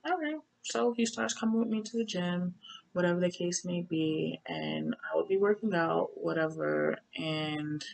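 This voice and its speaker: A young woman tells her survivor story casually and loosely, repeating phrases as she speaks. Her voice is on the low side, gravelly and darkish, and her pace is unhurried, captured in a rough recording.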